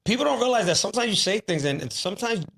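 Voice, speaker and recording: Podcast man, earnest and preachy, slightly higher voice, tosses in spanish bits. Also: lively intonation, rapid-fire, gravelly, a bit bright. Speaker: podcast host. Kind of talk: casual podcast chat.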